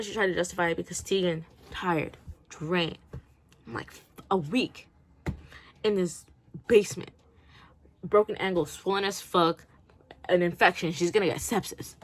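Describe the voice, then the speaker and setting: A woman's voice: on the low side, animated, moderate pace, pauses often. A woman vlogger giving a rambling book review, swearing freely and often breaking into laughter.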